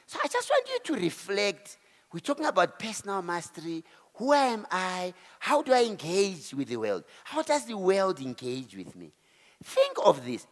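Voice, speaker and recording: A South African man in his forties giving an animated motivational talk to a live audience, telling his story and acting out the voices of the people in it. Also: sits high. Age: 40s. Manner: animated storyteller who acts out quotes and exclamations. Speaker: keynote speaker. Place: event hall. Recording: hall reverb.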